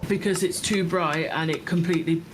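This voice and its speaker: A man's voice: on the high side, steady tone, brisk. Rambling man hosting a stream. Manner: chatty, rambling, swears. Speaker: streamer host. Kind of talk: casual chat. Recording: noisy background.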